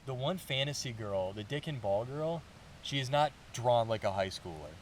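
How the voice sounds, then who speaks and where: Animated man recapping a story. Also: medium pitch, normal speed, a little hiss or hum. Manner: animated, acts out characters' lines mid-story. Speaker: podcast co-host. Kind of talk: casual chat, recapping a manga.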